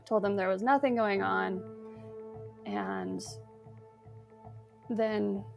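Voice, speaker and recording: A young woman in an interview recounting a personal ordeal, halting, with restarts and nervous laughs. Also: mid-range voice, huge pitch swings, vocal fry, dull audio, faint music behind. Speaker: interview guest recounting abuse.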